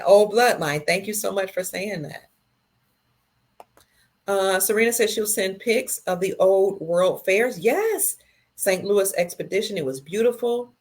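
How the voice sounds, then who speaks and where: A middle-aged woman with a husky, medium-pitched voice hosts a relaxed livestream. She reads what viewers have written and answers gently and unhurriedly.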